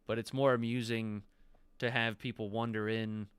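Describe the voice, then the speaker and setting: A man running a tabletop game as game master, narrating in a relaxed, descriptive way with quick asides. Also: fairly low pitch, clear, resonant tone, no echo.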